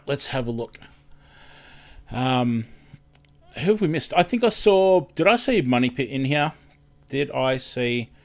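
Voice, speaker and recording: A man's voice: mid-range voice, vocal fry. Australian man, live-stream host, casual chat, rambling, stumbling over words, self-deprecating.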